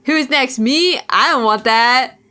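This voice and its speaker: A woman voicing a frightened young girl in a game who begs not to be next, in a high, pleading voice. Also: slow, pushed and bright, clear, resonant tone, full character voice. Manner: high, pleading, repetitive whimper.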